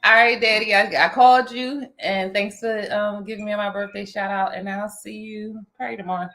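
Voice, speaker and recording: A woman hosting a casual chat, animated and talkative, laughing often. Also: mid-range voice, moderate pace. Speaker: vlog host.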